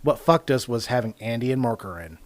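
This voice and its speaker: A man's voice: medium pitch, brisk, dry recording. A man hosting a casual podcast chat, telling stories animatedly with lots of swearing and acting out what people said. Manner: animated, profane, acts out quoted lines. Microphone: studio microphone.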